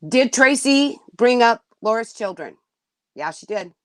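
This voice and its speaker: A woman's voice: on the high side, expressive, a little slow, no echo. A woman hosting a livestream, venting bluntly and indignantly to her chat, cursing now and then. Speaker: livestream host.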